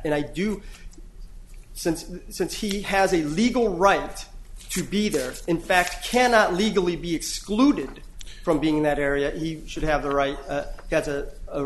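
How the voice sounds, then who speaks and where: Brief: male lawyer, slightly high voice, earnest, restarts phrases, echoey courtroom. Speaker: appellate lawyer. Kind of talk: courtroom oral argument.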